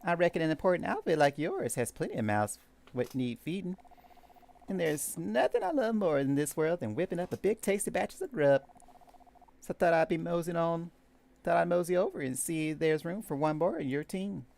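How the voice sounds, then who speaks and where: A man's voice: on the high side, expressive, moderate pace, creaky, a little mellow, pitched above the performer's own voice. A man voicing a cheerful, folksy woman cook in a put-on American country accent, with a drawling, homespun way of talking.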